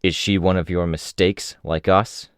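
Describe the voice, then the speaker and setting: A man's voice: low-pitched, fairly even intonation, unhurried, clean tone, no room sound, studio quality. A man doing a harsh, hostile team leader. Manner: harsh, confrontational. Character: hostile metal-skinned young man leading a team.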